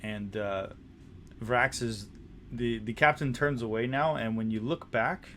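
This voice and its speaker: A man narrating a tabletop game as dungeon master, describing scenes in a halting way with many restarts. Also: medium pitch, a bit bright, a little hiss or hum.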